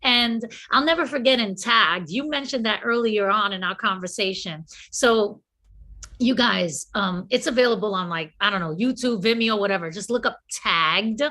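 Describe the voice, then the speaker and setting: Bright animated woman on a video call. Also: medium pitch, normal speed. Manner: animated storyteller acting out quotes. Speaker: actor and filmmaker. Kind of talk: casual online conversation.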